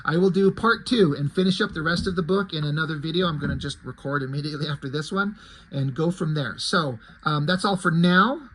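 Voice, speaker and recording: A man's voice: on the high side, a little fast, a bit bright, low-quality recording. A man casually walking through the pages of his own fan comic, retelling it in a loose, rambling way with many self-corrections.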